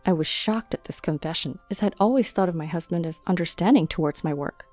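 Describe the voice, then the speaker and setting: A woman tells a first-person story in a steady, matter-of-fact way, her voice a little low and mellow. The sound is dry and close, with faint music underneath. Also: a little fast, few pauses, no echo. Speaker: narrator. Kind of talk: storytelling narration.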